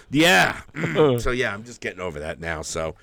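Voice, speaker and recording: A man's voice: medium pitch, huge pitch swings, slow pace, creaky, bright, forceful tone, no echo, clean studio sound. A man co-hosting a crude casual podcast, rambling through profane stories and laughing often, a little stuffy from a cold. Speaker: podcast co-host.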